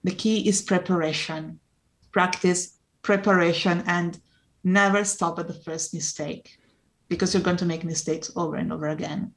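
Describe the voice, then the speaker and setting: A woman's voice: fairly low pitch, fairly even intonation, moderate pace. A woman with an Italian accent, a non-native English speaker, answering interview questions in an earnest, encouraging way. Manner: earnest, encouraging, laughs often. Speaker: Italian teacher guest.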